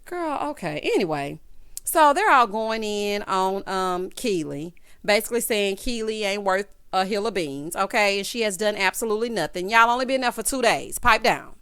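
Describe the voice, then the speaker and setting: A woman's voice: medium pitch, expressive, moderate pace, fairly bright tone, smooth. A young adult woman giving a casual, sassy recap of a reality show, calling her viewers "child" and "honey".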